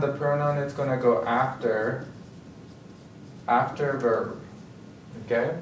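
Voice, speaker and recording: A man's voice: mid-range voice, darkish tone. A man explaining grammar step by step in a recorded lesson as a tutor, often checking in with "okay?". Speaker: Spanish tutor. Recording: echoey room, mic at a distance, faint hiss.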